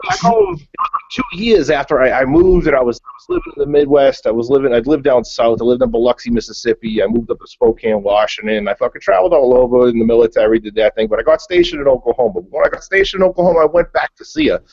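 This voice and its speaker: Husky, swearing Boston man. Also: mid-range voice, sing-song, fast, darkish tone. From Massachusetts. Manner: profane, rambling storytelling. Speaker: panelist. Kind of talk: casual call chat. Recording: dull, muffled call audio.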